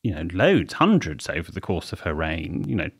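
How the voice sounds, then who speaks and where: A man's voice: low-pitched, sing-song, normal speed, husky. A man co-hosting a comedy podcast, telling wry, rambling anecdotes in casual chat. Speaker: podcast co-host.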